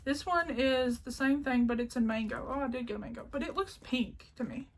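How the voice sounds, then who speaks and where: A crafting vlogger at home, a woman with a Southern country accent, shows off her yarn haul in a chatty, rambling way. Her voice sits high and runs a little fast, full of "like" fillers, and sometimes she drops to a near-whisper for an aside.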